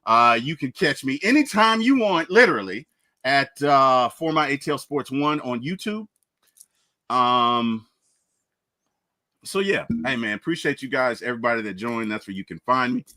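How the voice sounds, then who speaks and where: A man's voice: medium pitch, expressive, normal speed, pushed and bright, dry recording, low-quality recording. A man, a sports podcast host chatting and laughing animatedly. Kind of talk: casual chat.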